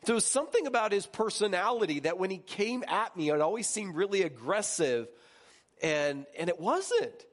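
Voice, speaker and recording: Animated male pastor preaching casually. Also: moderate pace. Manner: animated, chatty, checks in with listeners with "right?"; lively, jumps higher when recounting stories. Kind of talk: conversational sermon.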